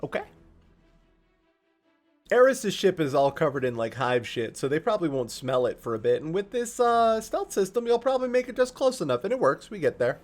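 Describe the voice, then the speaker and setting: A man streaming a joking, profane recap of a video game's story, in a lively, animated way. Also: a little high, fairly quick, faint music behind. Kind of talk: comedic game-lore recap.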